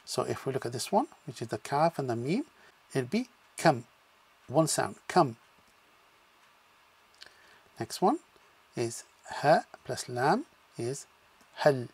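Speaking at a moderate pace with big pitch swings, this man has a slightly rough, mid-range voice. His slow beginners' language lesson uses drills: he patiently pronounces single syllables, then blends them into words, often pausing for an "okay."

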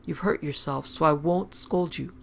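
A woman's voice: low-pitched, moderate pace, gravelly, dull audio, slight background noise. A woman voicing a fretful, proper mother. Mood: scolding. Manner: fretful, gently scolding. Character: anxious, gentle, proper mother.

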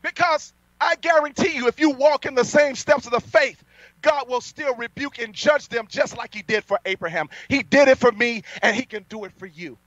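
A man preaching a fiery sermon, boastful and defiant, his voice climbing to loud peaks. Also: very high voice, normal speed, no room sound. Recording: dull lo-fi sound, dry.

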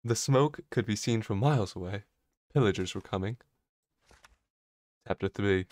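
A man's voice: fairly low pitch, fairly quick, darkish tone, no room sound. A young man streaming a video game, giggling as he reads lore aloud in a made-up accent to friends. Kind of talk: casual gaming stream chat. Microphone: close desk microphone.

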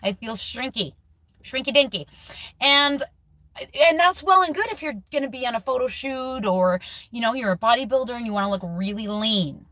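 A woman's voice: a little high, fairly quick, pushed and bright, dry recording. A woman in her forties talking candidly in a personal video diary, thinking aloud, sometimes restarting her sentences. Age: 40s. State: close to tears. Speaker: vlogger.

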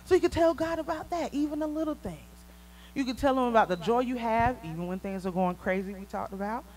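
Southern woman preaching with easy warmth. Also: a little high, fast talker, slight background noise, poor audio. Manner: conversational, laughing, rising to excited peaks. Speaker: prophetess preaching. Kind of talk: sermon.

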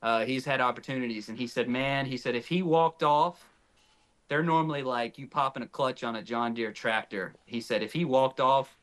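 A man's voice: medium pitch, a little fast, hardly any pauses. Man telling a hunting story. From north Texas. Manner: animated, acts out quoted dialogue. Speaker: podcast guest, hunter. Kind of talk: casual storytelling.

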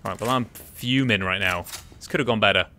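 A man's voice: on the low side, a little fast, sharp tone, a little hiss or hum. A young man giving chatty, exasperated commentary while playing a game. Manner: chatty, exasperated, muttering to himself. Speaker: gaming commentator. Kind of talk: casual let's-play commentary.

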